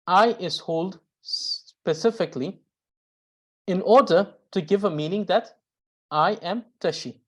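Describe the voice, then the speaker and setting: A woman teaching Tibetan grammar as a lesson, explaining carefully and often repeating and rephrasing her points with frequent pauses. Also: fairly low pitch.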